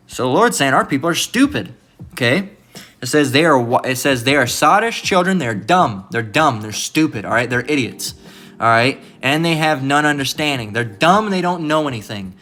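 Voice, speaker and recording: A man preaching from scripture in a loose, cursing, rambling way, stumbling over repeated words and checking in with the listener after each point. His voice sits at a plain middle pitch. Soft music plays underneath. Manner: profane, repetitive, rambling, tag questions. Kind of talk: informal Bible commentary.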